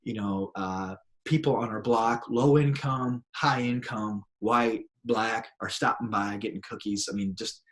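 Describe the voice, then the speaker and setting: A man, a pastor, telling personal stories in a relaxed conversational way and acting out the people in them. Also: fairly low pitch, measured pace, hardly any pauses. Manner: animated storyteller, acts out voices in his anecdotes. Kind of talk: conversational storytelling.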